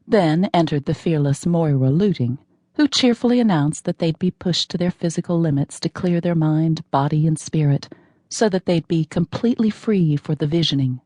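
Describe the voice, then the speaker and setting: A woman narrates a novel in a wry, measured way. Her voice is low, and the close studio microphone makes it sound dry, with no room around it. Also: warm tone, no echo. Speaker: audiobook narrator. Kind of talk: scripted narration.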